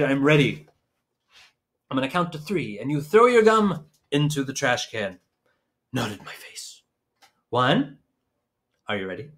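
A man with a medium-pitched voice teaches young children music over a live stream from home. He talks playfully into a microphone on a stand and breaks into a silly song between explanations.

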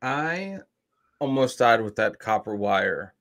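An American man hosting a reaction video, chatting enthusiastically in a rambling, drawn-out way. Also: mid-range voice, very animated, fairly bright tone. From United States. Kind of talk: casual chat.

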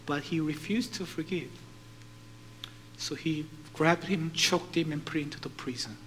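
A male pastor preaching a sermon, animated and putting questions to his congregation. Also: fairly high pitch, moderate pace, slight background noise, rough recording.

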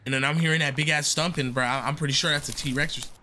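A man's voice: a little high, fairly even intonation, fast, pushed and bright, a little hiss or hum. A young man doing casual let's-play commentary, jumpy and slangy, exclaiming often. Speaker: gaming streamer.

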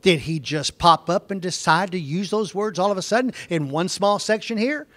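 A man's voice: high-pitched, animated, moderate pace, fairly bright tone, dry recording. Man teaching a Bible lesson, dry sound. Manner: reads scripture aloud, then explains with rhetorical questions.

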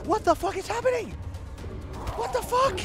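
A man streaming a video game, talking to his chat in excitable, profane commentary that breaks into sudden yelps and shouts. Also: very high voice, moderate pace, over music. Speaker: gaming streamer.

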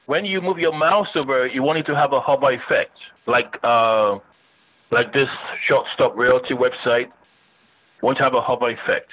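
Over poor audio, a man with a medium, slightly bright voice teaches a web design class through screen sharing. He chats and thinks aloud while demonstrating, tossing in the occasional joke for his students.

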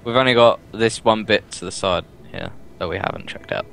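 A man's voice: on the low side, a little fast, gravelly, fairly bright tone, a little hiss or hum. A man with a British accent co-hosting a let's play, trading dry, teasing banter. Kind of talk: casual gaming chat.

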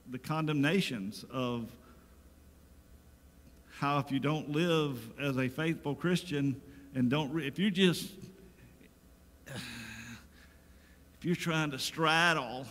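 A man's voice: high-pitched, a bit bright. A pastor giving a sermon, reading scripture aloud and talking to his congregation in a conversational way that rises into emphatic preaching. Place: church sanctuary. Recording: long reverb of a church sanctuary.

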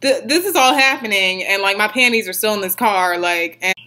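Bright-voiced young woman telling a wild story. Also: mid-range voice, a little fast. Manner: rambling, profane, animated retelling. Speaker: vlogger. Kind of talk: casual storytime vlog.

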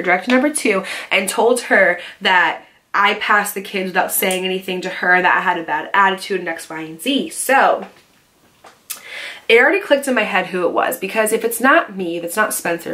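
A young woman recounts a story straight to the camera in a casual, animated way. She swears freely and leaps into quoted voices as she talks. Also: medium pitch. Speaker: vlogger telling a story.

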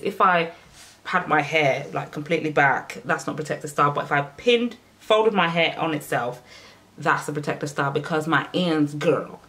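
Sassy low-voiced Caribbean woman vlogging. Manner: sassy and playful, preaching tips with shouted exclamations. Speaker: hair care vlogger. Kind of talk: casual advice vlog.

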